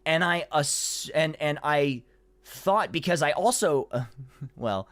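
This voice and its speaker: A man's voice: on the high side, animated, takes it slowly, a bit bright, dry recording. A man, a voice actor, telling a long story in a casual podcast chat, rambling with many restarts.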